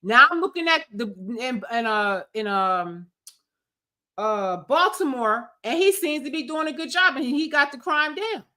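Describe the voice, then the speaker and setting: A woman's voice: sits high, expressive, unhurried, sharp tone. A woman streamer giving heated, scolding political commentary in an emphatic rant. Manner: angry, scolding, emphatic rants.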